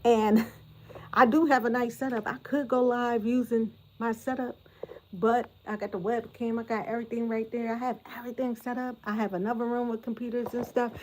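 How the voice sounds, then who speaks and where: A woman hosting a livestream reaction commentary, animated and exclamatory, talking straight to her viewers from a phone or tablet. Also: on the high side, a little fast, a little hiss or hum, low-quality recording. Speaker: commentary host.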